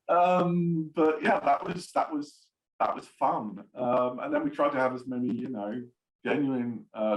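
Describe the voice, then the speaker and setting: A man talking as an interview guest, circling his point with ums and laughing often. His voice carries a noticeable room echo. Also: mid-range voice. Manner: rambling, many fillers, laughs often. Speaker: screenwriter and producer guest. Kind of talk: casual interview chat.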